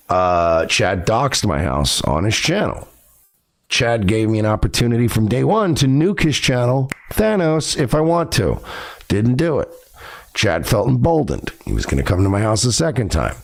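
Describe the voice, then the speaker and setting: Gravelly, animated man ranting profanely. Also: medium pitch. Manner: profane and confrontational. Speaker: podcast host. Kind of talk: ranting monologue.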